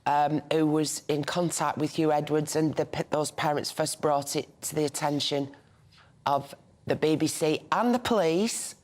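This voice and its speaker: A woman's voice: low voice, darkish tone. An older woman with a Northern English accent, chatting as a newspaper review guest and telling anecdotes in a chatty way. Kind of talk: casual studio chat.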